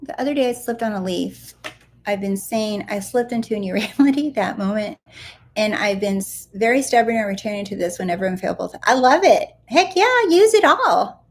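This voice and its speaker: A woman's voice: mid-range voice, brisk, a little mellow. A woman on a live stream, coaching her viewers in a playful, emphatic way and repeating words for effect. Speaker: manifestation coach.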